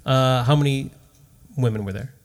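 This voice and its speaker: A man's voice: mid-range voice, moderate pace. A man co-hosting a chat podcast, putting teasing questions to the guest. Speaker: podcast co-host. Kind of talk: casual chat.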